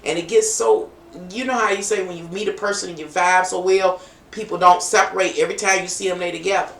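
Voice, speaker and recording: Playful tarot reader chatting on a live stream, a bit far from the mic, roomy echo, slight gravel. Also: mid-range voice, fairly even intonation, fast talker, a bit bright. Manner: chatty, playful, teasing asides. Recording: echoey room, distant from mic, faint noise.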